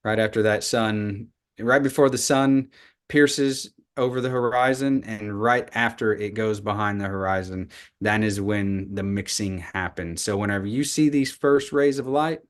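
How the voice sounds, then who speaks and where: Halting man teaching scripture. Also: on the low side, fairly even intonation. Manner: halting, repeats words, then reads scripture aloud with emphasis. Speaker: Torah study teacher. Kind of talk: live online Bible study lesson with slides.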